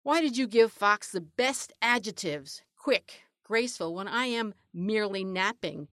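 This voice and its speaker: A woman's voice: medium pitch, animated, a little slow, a bit bright, dry recording, clean studio sound. A woman voicing a proud, touchy male dog who plays jazz, in a grumbling storybook manner. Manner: grumbling, easily offended.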